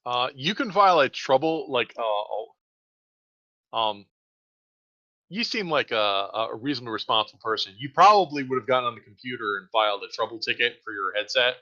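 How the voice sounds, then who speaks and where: A man acts as game master for a tabletop role-playing session. He rambles through asides and slips in dry sarcasm. His voice is bright and comes through a slightly dull, lo-fi recording. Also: medium pitch, lively intonation, fairly quick. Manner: rambling, hedging, dryly sarcastic.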